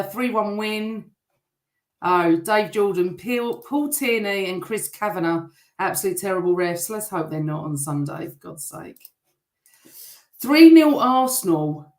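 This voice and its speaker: A middle-aged woman hosting a live football fan show, chatting and reading out viewer comments, her voice a bit rough. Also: mid-range voice. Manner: chatty, warm toward viewers, teasing. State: voice still rough from shouting. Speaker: host. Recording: echoey room.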